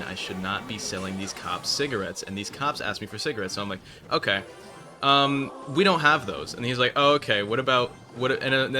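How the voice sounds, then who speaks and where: A young man hosting a mobile game channel, telling a rambling story between plays and swearing at his opponents. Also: on the low side. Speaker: gaming channel host. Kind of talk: casual gameplay commentary with storytelling.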